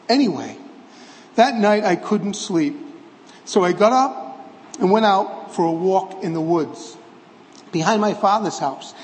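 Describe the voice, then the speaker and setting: A man voicing a frail, dying elderly bishop who speaks quietly, slowly and tenderly. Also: high-pitched, big-room sound, slight background noise.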